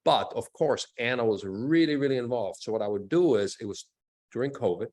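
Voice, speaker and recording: A man's voice: medium pitch, brisk. A middle-aged man, an actor and fight coordinator, telling stories in a casual interview and acting out the lines he quotes. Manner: animated storyteller, acts out quotes.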